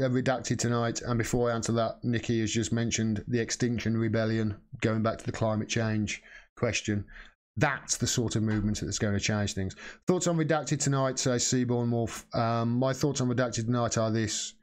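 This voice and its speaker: A man's voice: mid-range voice, fairly even intonation, moderate pace, darkish tone. A man hosting a live stream, answering viewer questions in blunt, impassioned casual talk and swearing freely.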